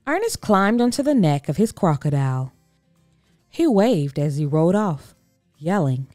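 A woman reading a children's picture book aloud in an expressive, animated storytelling voice. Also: lowish voice, measured pace, no room sound, studio quality, soft background music.

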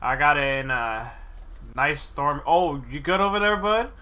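A young man streaming gameplay, chatting casually and excitedly with slang and frequent laughs. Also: fairly high pitch, unhurried.

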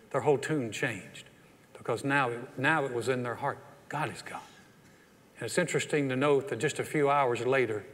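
A man with a Texan accent preaching a sermon as pastor, telling the story with animated energy and acting out the quotes. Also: medium pitch. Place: church sanctuary. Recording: long church hall reverb.

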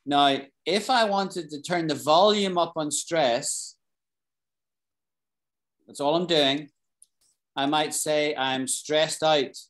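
A British man teaching an English class, explaining expressions slowly, repeating key phrases and asking his students questions. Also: fairly high pitch, a bit bright. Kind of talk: live online English lesson.

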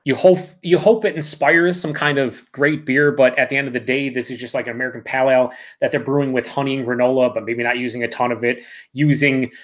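A man speaks at a medium pitch, fast and in a steady tone. He's hosting a live beer review, chatting casually, reading viewer comments aloud, rambling and correcting himself as he goes.

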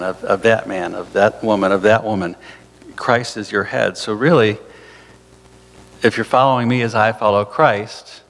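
Low, gravelly man preaching in a hall. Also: fairly bright tone. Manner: conversational, loose preaching with fillers and asides. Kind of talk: sermon. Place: church sanctuary. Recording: hall reverb from a church.

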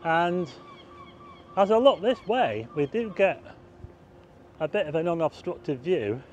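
Walking outdoors at night across a car park roof and town streets, a man vlogs a rambling, chatty tour, pointing out sights to his viewers. He speaks slowly in a little-high, a little mellow voice with big pitch swings, over slight background noise.

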